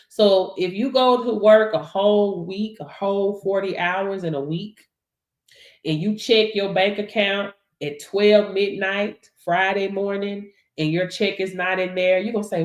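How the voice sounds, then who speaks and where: A woman host, giving a preachy, emphatic motivational talk to livestream viewers and laughing often. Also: medium pitch. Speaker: livestream host and business coach. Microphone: livestream setup. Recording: echoey room.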